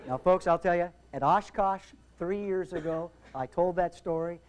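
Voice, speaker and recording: A man's voice: sits high, moderate pace, few pauses. A man telling a humorous flying story on stage, acting out sound effects and voices as he goes. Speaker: aviation speaker. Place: stage before a live audience. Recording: faint crowd and noise.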